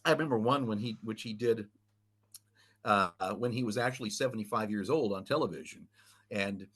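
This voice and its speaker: A man, a film historian guest on a podcast, telling anecdotes in an animated way with many fillers. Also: fairly low pitch, brisk, husky. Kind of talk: podcast storytelling.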